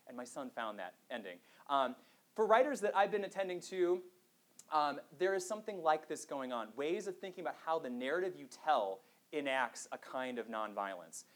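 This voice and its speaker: A man giving a conversational public lecture to a live audience, self-deprecating and full of fillers. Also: fairly high pitch.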